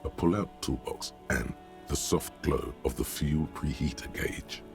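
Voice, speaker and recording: An actor narrating a detective game as its inner voice, in measured, descriptive lines. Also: male voice, very deep voice, soft background music. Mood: grave.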